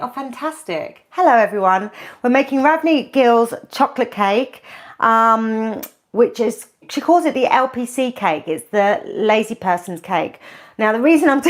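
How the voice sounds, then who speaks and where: Nervous, chatty woman hosting a livestream. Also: fairly high pitch. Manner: nervous, chatty, with many ums and restarts. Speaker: food channel host. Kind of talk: live-stream cooking chat.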